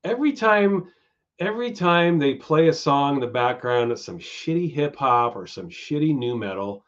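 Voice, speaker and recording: A man's voice: fairly high pitch, lively intonation, normal speed. A man hosting a loose, profane live stream, riffing with his chat and drifting from topic to topic. His voice swings widely up and down as he talks. The audio is dull and lo-fi, like a home stream. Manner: chatty, swears freely, goes off on tangents. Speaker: stream host.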